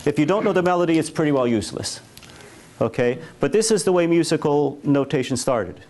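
A man giving a workshop lecture on church cantoring, explaining casually and sometimes singing slow chant lines. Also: on the high side, animated, a little mellow. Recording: faint background noise.

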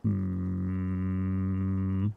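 A man's voice: sits low, drawn-out words, gravelly, clear, resonant tone, phone-quality sound, soft background music. A male streamer giving live commentary on his own gameplay, chatty with viewers and breaking into yelps and curses at the game. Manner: excitable, yelps and swears at the game; chatty, talks to viewers between moments.

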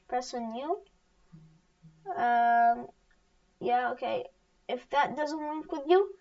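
A woman walking learners through a coding tutorial on screen, halting with many fillers and restarts. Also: high-pitched, darkish tone. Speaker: coding teacher. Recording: distant, dull lo-fi mic.

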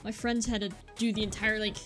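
Young woman, gameplay commentary, excitable, bright tense voice, soft background music. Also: mid-range voice, brisk. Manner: excitable, exclaims and repeats words in bursts. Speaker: gaming YouTuber. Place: indoor room at home.

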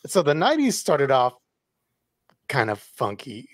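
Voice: mid-range voice, unhurried, no echo, clean studio sound. A podcast co-host chatting casually in a rambling, laughing way. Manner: rambling, laughs often, lively. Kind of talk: casual chat.

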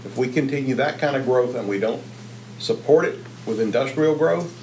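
A man, a county commissioner, making a measured argument with figures in a public meeting. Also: medium pitch, a little mellow, slight background noise. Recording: echoey council chamber.

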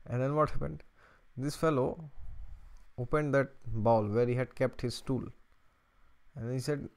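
A man's voice: mid-range voice, fairly even intonation, slow, pauses often, darkish tone. A man hosting an astrology video channel, telling a story in a casual, chatty way and often breaking into chuckles.

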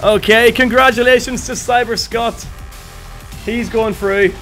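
A man commentating a live game stream with excitable energy and a slightly strained voice, thanking viewers as he goes. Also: very high voice, measured pace, soft background music.

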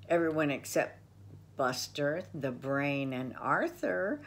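Unhurried older storyteller, gentle and expressive, reads to children. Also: female voice, on the low side. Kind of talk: reading a storybook aloud.

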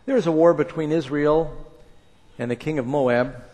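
A man preaching a sermon and reading scripture aloud, with an emphatic delivery that swings between hushed and loud. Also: on the high side, normal speed. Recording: long reverb of a large hall.

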